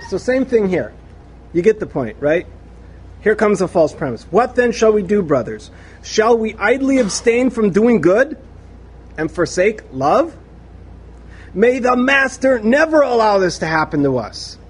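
A man's voice: high-pitched, big pitch swings, unhurried, husky. A man teaching a conversational scripture lesson, rereading passages aloud and explaining them in an emphatic, chatty way. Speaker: Bible study teacher.

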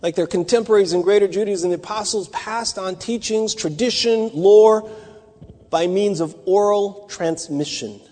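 A man's voice: high voice, a little mellow. A man giving a teaching sermon in a loose, conversational way, with restarts and asides. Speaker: bible teacher. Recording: long hall reverb.

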